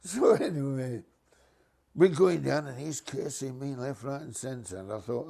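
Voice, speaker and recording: A man's voice: medium pitch, measured pace, creaky. Older man spinning a yarn. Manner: lively, mischievous storyteller, dialect grammar. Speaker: former bus driver telling a story. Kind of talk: casual anecdote.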